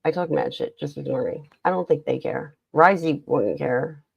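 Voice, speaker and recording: A woman's voice: sits low, lively intonation, normal speed, vocal fry, husky, no room sound, dull audio. A woman hosting a casual livestream who rambles, reads the chat aloud and laughs often, with a stuffy, runny nose. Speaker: livestream host.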